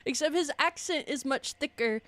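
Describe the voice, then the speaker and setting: A woman's voice: high-pitched, normal speed, a bit bright, no echo. A young woman from Louisiana with a Cajun accent, chatting casually as a streamer, rambling, correcting herself and laughing often. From Louisiana, USA. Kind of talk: casual chat.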